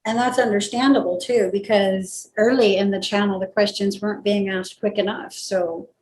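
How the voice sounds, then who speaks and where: A woman's voice: medium pitch, fairly even intonation, moderate pace, darkish tone, slight background noise, poor audio. A woman talking casually and reflectively during a channeling practice session, thinking aloud with many fillers. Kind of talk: casual conversation.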